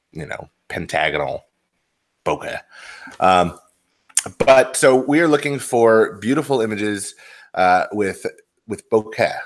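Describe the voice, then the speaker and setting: A man co-hosting a casual podcast, chatty and relaxed, with frequent fillers. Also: deep voice. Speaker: podcast co-host.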